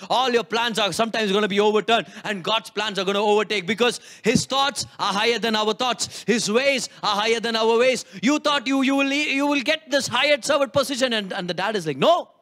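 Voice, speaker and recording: A man's voice: extremely high pitch, sharp tone. A man preaching a sermon, emphatic, asking rhetorical questions and repeating key lines. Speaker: pastor.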